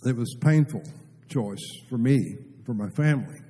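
In a church sanctuary, a middle-aged male preacher delivers an emotional, tearful, impassioned sermon at normal speed, his medium-pitched voice swelling and then dropping to a hush. His tone is dark and mellow with a husky edge, ringing out with the long reverb of a large church hall.

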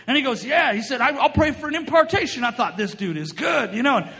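Excitable preacher guy, really high voice, laughing and shouting as he tells the story, big echoey hall. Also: fast talker. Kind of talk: sermon with storytelling.

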